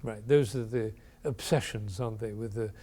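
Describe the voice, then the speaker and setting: A man leading a music masterclass, expressive and playful, singing phrases aloud to show how they should go. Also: fairly low pitch, normal speed. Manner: playful asides. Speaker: music teacher leading an interpretation class. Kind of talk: masterclass coaching.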